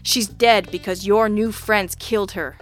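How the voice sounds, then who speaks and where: A woman's voice: medium pitch, fairly even intonation, unhurried, lightly acted. Lady reading a grim pushy detective guy, dry, needling, faint music behind. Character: grim, relentless male private investigator.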